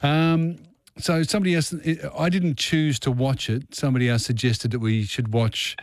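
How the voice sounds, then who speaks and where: A man's voice: mid-range voice, steady tone, normal speed, dry recording. A man hosting a radio show, chatting casually and rambling through his opinions. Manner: chatty, rambling, laughs easily. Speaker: radio host.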